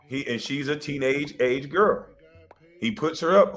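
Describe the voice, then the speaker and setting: A man's voice: fairly high pitch, a little slow, fairly bright tone. A man hosting a livestream, defiantly defending himself and insisting he keeps his receipts, repeating points for emphasis. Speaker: livestream host. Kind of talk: heated livestream rant.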